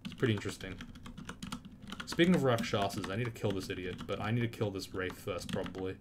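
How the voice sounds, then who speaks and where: This gameplay commentator talks fast in a fairly low voice, swearing casually as he plays and erupting indignantly at enemies. The background is noisy, and his mic picks up loud keyboard clicks.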